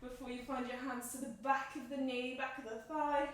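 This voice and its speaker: A woman leading a home yoga class, giving calm, encouraging cues in time with the breath, a little out of breath. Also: sits high, moderate pace. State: slightly out of breath. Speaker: yoga instructor. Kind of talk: guided yoga class instruction. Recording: echoey room, mic at a distance.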